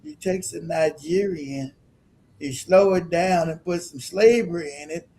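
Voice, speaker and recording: Mellow, laid-back cursing man. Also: on the high side, measured pace, a little hiss or hum, rough recording. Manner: loose, laughing, swearing, talks over clips. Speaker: stream host reacting to clips. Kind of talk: casual profane commentary.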